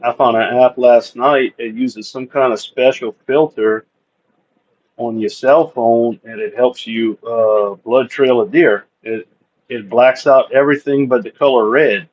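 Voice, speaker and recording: A man with a voice of ordinary pitch, co-hosting a relaxed podcast chat. He talks in a laid-back way, and his recording sounds a bit dull and lo-fi. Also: a little slow. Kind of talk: casual chat.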